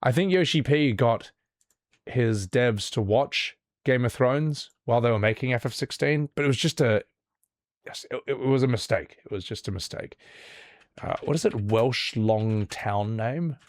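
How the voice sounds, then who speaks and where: A man's voice: medium pitch, unhurried, no echo, studio quality. A man streaming a game, rambling in casual commentary and swearing freely.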